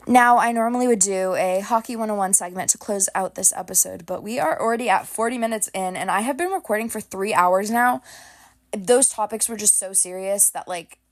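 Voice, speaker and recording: Chatty young woman podcast host. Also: mid-range voice. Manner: chatty, many "like"s, laughs at herself. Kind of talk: solo hockey podcast chat. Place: home, dogs beside her.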